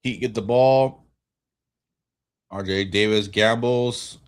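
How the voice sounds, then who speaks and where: A man streaming a watch-along, giving relaxed fan play-by-play while tired and yawning, often restarting his sentences. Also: lowish voice, slow, clean tone. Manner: relaxed, rambling calls with frequent self-corrections. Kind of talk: casual fan play-by-play commentary.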